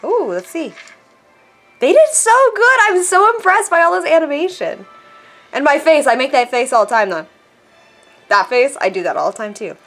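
A woman casually commenting while playing a mobile game, chatty and excitable, reading the on-screen text aloud. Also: a little high, normal speed, faint music behind. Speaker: gameplay vlogger. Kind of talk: casual let's-play commentary.

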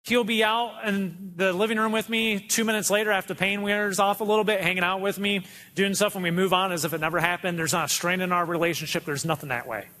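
Man, pastor, sermon, conversational, high-pitched, bright tone. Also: fairly even intonation, fast talker, hardly any pauses. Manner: conversational, acts out quotes from his kids. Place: church auditorium.

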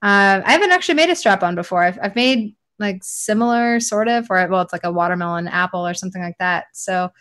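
A woman's voice: medium pitch, expressive, fast, hardly any pauses, fairly bright tone. A woman co-hosting a casual mixing chat, rambling with many fillers and restarts. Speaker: e-liquid mixing podcast co-host.

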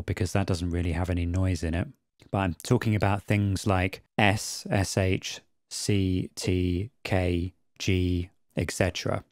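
A man narrating an audio production tutorial in a calm, methodical way. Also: low voice, dry recording, studio quality. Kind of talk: screen-recorded tutorial narration.

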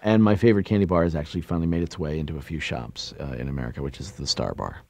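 A man chatting in a casual interview, wry and rambling with many pauses and fillers. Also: very deep voice, vocal fry, darkish tone, no room sound. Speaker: voice actor interviewed about a game.

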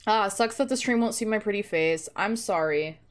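A woman's voice: medium pitch, normal speed. A woman streamer chatting casually and rambling in a joking, self-deprecating way, close to her microphone at home. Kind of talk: casual gaming stream chat. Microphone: close desk microphone.

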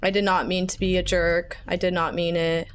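A woman's voice: on the low side, level tone, moderate pace, clear, resonant tone. A young woman hosting a horror game playthrough, chatting nervously, rambling and bursting into panicky repeats and squeals. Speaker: gaming channel host.

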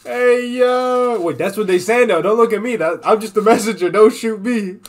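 A man streaming a reaction to a video, talking in a casual, animated and profane way, often restarting his sentences. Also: high voice, a little fast.

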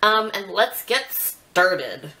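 A young woman from Northwest Ohio hosting a casual chat, chatty and quick to giggle. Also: medium pitch, expressive, pushed and bright, a little hiss or hum, rough recording. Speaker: beauty channel host.

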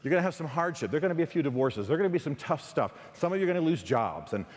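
Texas guy preaching in a big echoey hall, tells stories, trips over his words a bit. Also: fairly high pitch. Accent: Texan. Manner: storytelling, animated, quick asides and restarts. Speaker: guest speaker. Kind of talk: chapel sermon. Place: large hall. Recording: long hall reverb.

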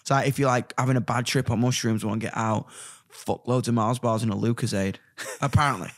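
An excitable young man, chatting as a guest musician and swearing freely. He talks in quick rushing bursts at a middling pitch. The sound is dry and close, with no room around him. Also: no echo. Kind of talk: casual chat.

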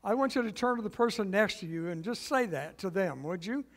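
A man preaching a sermon as guest pastor, leading the congregation in call and response with slow, emphatic repetition. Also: high-pitched, expressive, big-room sound. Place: church sanctuary.

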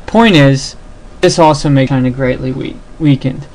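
A man's voice: medium pitch, moderate pace, a little mellow, poor audio. A male history teacher giving a casual classroom lecture over slides, loose and full of fillers. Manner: loose, filler-heavy, restarts often.

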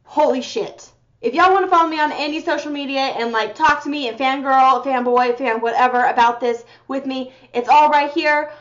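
Young woman, high voice, excitable and foul-mouthed reactor; muffled audio, loud music underneath. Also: normal speed. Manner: excitable, profane, gasping and exclaiming. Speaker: video reactor. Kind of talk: reaction commentary. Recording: slightly muffled audio with music playing behind. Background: music video playing.

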